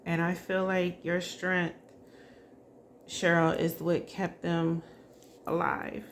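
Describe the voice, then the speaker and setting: A woman doing a psychic spirit reading, speaking softly and emotionally and addressing the spirit directly. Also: fairly low pitch, flat delivery, slow, a little hiss or hum. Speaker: psychic reader.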